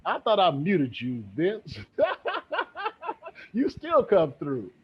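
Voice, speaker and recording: A middle-aged man teaching real estate in a live online webinar, energetic and motivational, often checking in with "okay?". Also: high-pitched, drawn-out words, breathy edge, dull audio.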